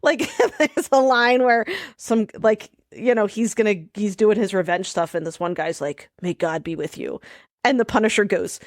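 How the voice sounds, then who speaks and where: A woman's voice: medium pitch, moderate pace, hardly any pauses, no room sound, clean studio sound. A woman co-hosting a podcast in casual chat, speaking emphatically and quoting lines from movies she loves. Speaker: podcast co-host.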